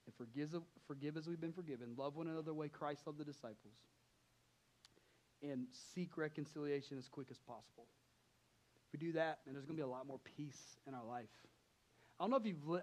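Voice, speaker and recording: A pastor with a voice on the high side preaches a sermon in a conversational way. He often puts questions to the congregation and acts out his own thoughts, sometimes dropping almost to a whisper.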